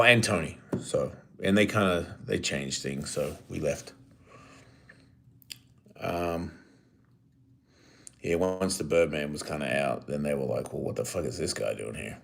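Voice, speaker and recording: A man's voice: very deep voice, creaky, slight background noise. A middle-aged man hosting a live stream, chatting casually with his viewers in a rambling, joking and profane way. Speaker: live-stream host answering chat.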